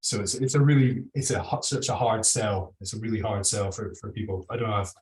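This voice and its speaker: In an echoey, low-quality video call, a Scottish guest whisky bottler talks a little fast in a low, darkish, steady voice. It's a casual virtual tasting chat, and he's opinionated and rambling, a self-described drinks geek.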